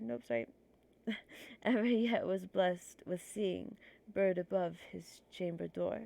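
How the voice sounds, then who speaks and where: A woman's voice: mid-range voice, vocal fry, mellow. A woman streamer with a stuffy nose reading poetry aloud on a livestream, nervous and self-conscious, apologizing for her slips.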